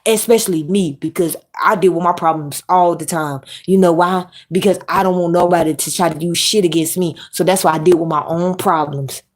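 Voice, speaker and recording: A woman's voice: lowish voice, fairly even intonation, a little fast, hardly any pauses. Blunt, profane woman ranting. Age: adult mother. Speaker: commentary YouTuber. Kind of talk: ranting commentary.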